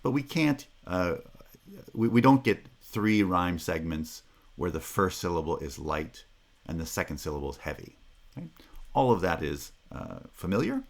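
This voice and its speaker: Male lecturer, very low voice, lively rising and falling intonation, measured explanatory delivery. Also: vocal fry. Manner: measured and explanatory, with checking "Okay?" asides. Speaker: linguistics lecturer. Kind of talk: university lecture.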